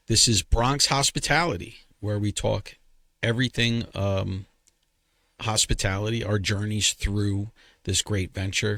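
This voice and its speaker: A man's voice: fairly low pitch, a bit bright, no echo. A man with a New York accent co-hosting a podcast in a studio, chatting casually and trading teasing banter. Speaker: podcast co-host. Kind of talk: casual chat. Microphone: studio microphone.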